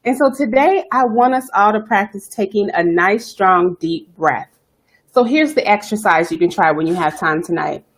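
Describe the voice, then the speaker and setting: A woman hosting a self-care live stream, talking fast and chatty, greeting viewers by name as she coaches. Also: medium pitch, lively intonation. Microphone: webcam or phone live stream.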